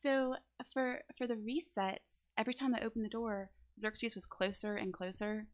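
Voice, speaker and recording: A woman's voice: fairly high pitch, moderate pace. A woman guest on an interview podcast, telling a story in a casual way, laughing often and acting out what people said. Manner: animated storyteller, acts out quotes, laughs often. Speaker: actor guest. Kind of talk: casual anecdote. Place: New Orleans.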